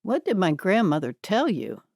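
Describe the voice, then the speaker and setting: A shifty young man with a menacing edge who bristles defensively, as a woman puts him on. His voice sits low and dark and speeds up when he is pushed. The sound is dry and close. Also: wildly swooping pitch, moderate pace, creaky, husky, no echo, exaggerated voice.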